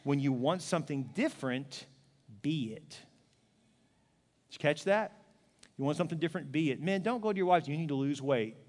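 Male pastor, sermon, lively storytelling voice, repeats short punchy lines, high-pitched, echoing hall. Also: moderate pace, long pauses. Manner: animated, acts out little scenes with voices; repeats punchy phrases, asks the crowd questions.

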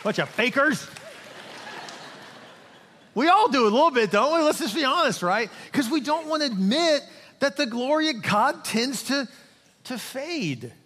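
A man's voice: extremely high pitch, expressive, a little slow, pauses often, sharp tone, big-room sound. A male pastor preaching a sermon in a church, conversational and humorous, often asking the congregation questions. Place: church sanctuary.

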